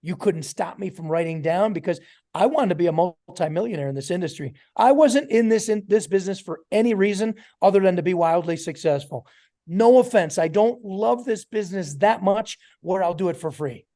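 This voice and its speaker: Animated New man telling stories. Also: high-pitched, brisk. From New York. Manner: animated storyteller acting out dialogue. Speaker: network marketing trainer. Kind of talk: motivational storytelling talk.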